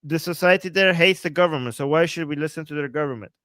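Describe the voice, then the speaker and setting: A man from Iran speaks English, hosting a live political stream and reacting to the chat with sarcasm and quick laughs. His voice sits a little high for a man. The sound is dry and close to the mic. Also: clear, resonant tone, no echo. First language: Persian. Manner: animated, sarcastic, laughs often, reads chat aloud. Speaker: political commentator and livestream host.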